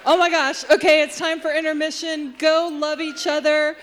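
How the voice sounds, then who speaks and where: A woman's voice: sits high, flat delivery, normal speed, some chatter behind, slight background noise. A woman hosting a stage show, effusive and folksy. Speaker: event host. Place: theatre stage.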